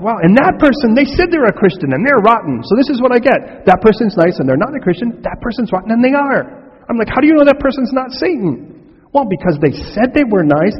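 A man preaching a sermon as pastor in a church sanctuary, animated, acting out quotes and breaking into sung lines. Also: very high-pitched, slightly rough. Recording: dull, hall-echoing church recording.

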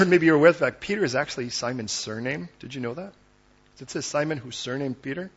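A man preaching a sermon as pastor, animated and conversational, acting out the people in his story. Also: mid-range voice, fast, slightly rough, lo-fi sound.

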